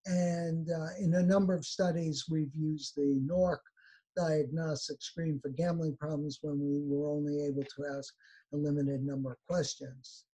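A man giving an academic presentation over slides, listing research findings in a measured way with frequent fillers. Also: on the high side, warm tone, breathy edge, rough recording. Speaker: lecturer.

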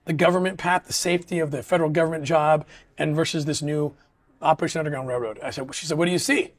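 A man's voice: fairly high pitch, steady tone. A middle-aged man talking earnestly in a casual interview, often restarting his sentences. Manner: earnest, halting, with many restarts. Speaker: interview guest. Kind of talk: casual conversation.

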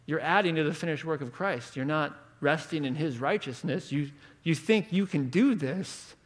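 Man, 30s, preacher, high voice, passionate, rhetorical, hushed to emphatic. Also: moderate pace. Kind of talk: conference sermon.

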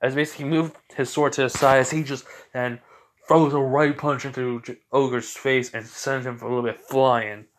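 A man's voice: mid-range voice, little pitch movement, moderate pace. A man casually retelling a fan story, rambling and correcting himself as he goes.

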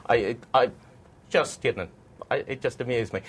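A man's voice: medium pitch, normal speed, long pauses, slightly rough. A man hosting a tech webcast in a studio, teasing his guests and rambling with restarts. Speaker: webcast host.

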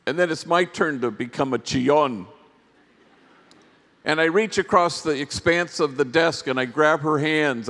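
A priest giving a reflective storytelling talk to a conference audience, unhurried, with long pauses between phrases. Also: male voice, medium pitch, fairly bright tone. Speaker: priest and speaker. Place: large conference hall. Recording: long reverb of a big hall.

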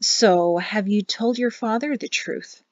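A woman reading aloud, voicing a young expectant mother in a storybook with a soft, high, emotional voice. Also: takes it slowly, no room sound, lightly acted. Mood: wry. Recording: dull lo-fi, dry closet sound.

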